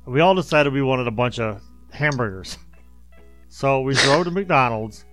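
A man's voice: mid-range voice, animated, unhurried, over music. A man in his thirties in casual chat, telling a story and laughing through it.

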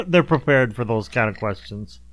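A man's voice: mid-range voice, a little slow. A middle-aged man and father co-hosting a casual chat, telling stories and laughing often. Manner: laughs often, relaxed storytelling.

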